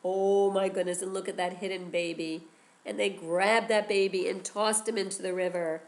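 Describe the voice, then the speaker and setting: Animated woman teacher telling a story to children. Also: mid-range voice, moderate pace, poor audio. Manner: animated, addresses listeners with "guess what".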